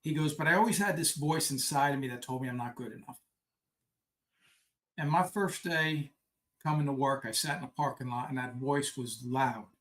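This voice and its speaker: A middle-aged fire service leader talks reflectively in a podcast conversation. His measured delivery sits at an average male pitch. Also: fairly bright tone.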